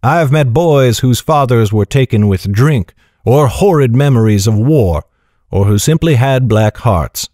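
A man voicing a grave, wise older knight who speaks in a measured, soft way. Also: mid-range voice, no room sound, studio quality, lightly acted. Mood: grave, gentle. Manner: measured, calm, soft-spoken.

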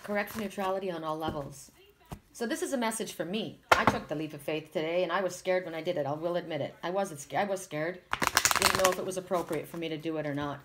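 A woman's voice: on the low side, fast, heavy background noise. A woman doing a spiritual card reading for viewers, talking in a rambling, encouraging way with frequent restarts. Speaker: tarot and oracle card reader.

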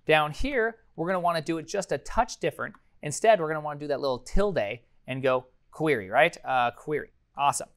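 Live-coding for his programming class, a man whose voice is a little high talks through his thinking as he goes. He's full of energy and bursts into sudden excited exclamations.

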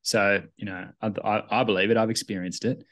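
A man's voice: on the low side, flat delivery, fairly quick, fairly bright tone. A man co-hosting a podcast, talking casually and reflectively while agreeing with his guest. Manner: reflective, agreeing with short backchannels. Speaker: podcast co-host. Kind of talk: casual conversation.

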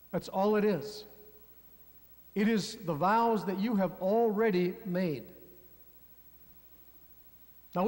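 Telling a story and speaking straight to his congregation, a pastor preaches a sermon in a high voice with a darkish tone. It's recorded in a church sanctuary, where a long reverb trails his words.

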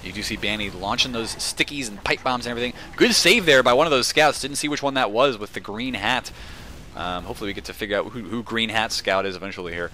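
A young man casting a competitive video game match alone, excitable and jokey, rambling into asides full of fillers. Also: mid-range voice, slight background noise. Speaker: esports caster. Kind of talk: solo play-by-play commentary.

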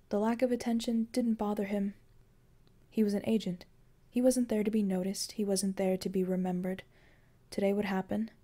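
Mellow-voiced woman narrating fiction. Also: medium pitch. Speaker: audiobook narrator.

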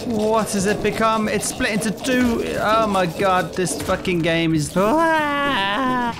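A man giving foul-mouthed, excitable let's-play commentary over a video game. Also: high voice, slow. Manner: profane, excitable reactions. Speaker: gaming YouTuber. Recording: game music playing loudly underneath.

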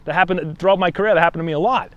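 A man coaching baseball hitting straight to camera, his voice pitched a little high and recorded dry and close. He talks casually, keeps checking in with the viewer, and explains things in an easy, conversational way. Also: racing, a bit bright, no room sound, lo-fi sound. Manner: conversational, frequent "right?" check-ins. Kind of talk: casual instructional talk to camera.

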